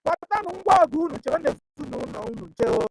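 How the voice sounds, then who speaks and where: A Nigerian woman delivers passionate activist commentary in a high, gravelly voice. Her talk is a plea, full of rhetorical questions, and now and then it turns into prayer. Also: big pitch swings, very fast, a little mellow, slight background noise, rough recording. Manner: switches into Igbo prayer. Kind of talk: impassioned spoken commentary.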